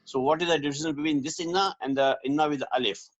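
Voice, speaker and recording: A man's voice: fairly high pitch, steady tone, quick pace. Careful male student on muffled audio. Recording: dull, muffled call audio.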